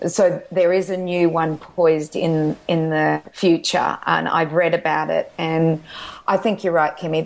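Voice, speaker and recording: A woman's voice: deep voice, creaky. A middle-aged woman, a documentary filmmaker chatting in an interview, telling stories eagerly and restarting her sentences often. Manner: enthusiastic, rambling storytelling with restarts. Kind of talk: casual interview chat.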